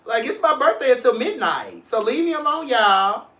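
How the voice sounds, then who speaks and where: Sassy man in his forties, bright voice. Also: very high voice, sing-song, normal speed, reverberant. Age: 40s. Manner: sassy, playful and outspoken. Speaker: podcast host. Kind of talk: casual video podcast monologue.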